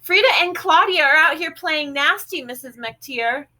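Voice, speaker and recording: A woman's voice: high-pitched, lively intonation, unhurried, pushed and bright, pitched above the performer's own voice, heavily acted. A woman voicing a young tattletale girl who hollers shrilly for an adult. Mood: tattling.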